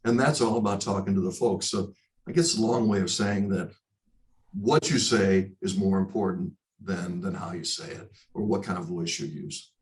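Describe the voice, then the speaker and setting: Animated man telling a broadcasting story. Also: moderate pace, low-quality recording. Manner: animated, rises sharply in pitch for emphasis; reflective, talks in short stop-start phrases. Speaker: guest, broadcaster. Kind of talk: storytelling in a casual interview.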